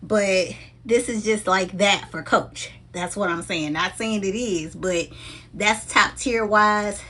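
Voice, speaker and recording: A woman's voice: medium pitch, slow pace. Chatty woman vlogging about handbags. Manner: chatty and animated, talks straight to her viewers. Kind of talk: casual unboxing chat to viewers.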